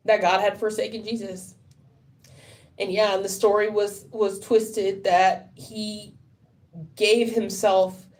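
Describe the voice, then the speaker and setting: A woman's voice: medium pitch, darkish tone. A tired woman talking on a casual livestream, rambling, swearing and sounding frustrated.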